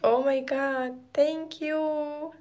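A high-pitched young woman streaming live, speaking very slowly. She chats casually with her viewers in simple, non-native English, greeting them one by one. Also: fairly even intonation, a little mellow.

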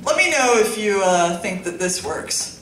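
A woman's voice: medium pitch, lively intonation, a little slow, a bit bright, distant mic, slight background noise. A young woman performing a casual, profane stand-up set in a small club, with laughing asides. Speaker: stand-up comic. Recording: echoey club room, faint ambience.

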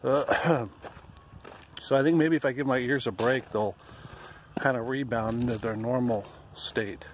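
Walking through a wooded park with faint outdoor ambience and slight background noise, a male vlogger chats in a medium-pitched, fairly even voice. He rambles, pokes fun at himself, sounds a bit winded, and slowly sings a folk song.

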